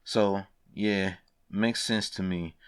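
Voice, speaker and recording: A young man hosting a casual podcast, ranting about games with profanity, laughing asides and big animated swings. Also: deep voice, takes it slowly, clean tone, no echo, clean studio sound. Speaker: podcast host. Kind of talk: casual gaming news rant.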